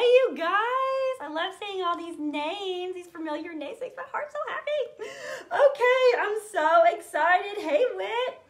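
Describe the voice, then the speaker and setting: High-voiced, fired-up woman speaker. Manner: energetic, earnest, fired up, talks directly to viewers. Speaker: sales team leader. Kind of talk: live video training talk.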